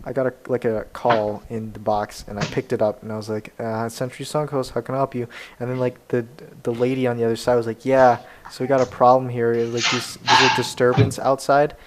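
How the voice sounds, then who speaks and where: A man's voice: medium pitch, little pitch movement, brisk, hardly any pauses, a little hiss or hum, rough recording. A young man, a podcast co-host, telling a rambling story in casual chat and laughing often. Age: young adult.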